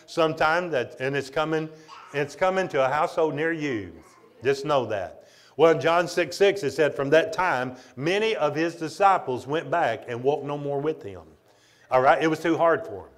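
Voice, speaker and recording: Emphatic male pastor preaching a sermon. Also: a little high. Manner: emphatic preaching, often calling "Amen?" to the congregation; swings between loud and quiet delivery. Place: church, streamed online.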